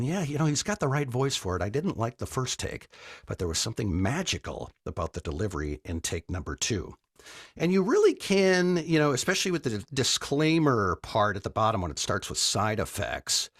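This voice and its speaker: A man who works as a voice actor and coach, giving a relaxed, conversational voiceover lesson with casual asides to the listener. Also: fairly low pitch, no echo, clean studio sound. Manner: relaxed, conversational teaching with frequent "right?" asides.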